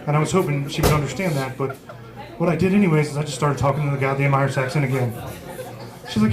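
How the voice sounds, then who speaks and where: A man's voice: fairly high pitch, steady tone, quick pace. A man in his forties doing a profane, self-mocking stand-up set in a pub. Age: 40s. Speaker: stand-up comedian. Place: small pub comedy stage. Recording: live pub crowd noise. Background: crowd laughing.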